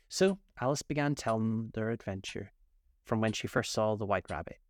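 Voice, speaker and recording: A man reading a classic storybook aloud as a storyteller, with expressive narration. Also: fairly low pitch, moderate pace, dry recording.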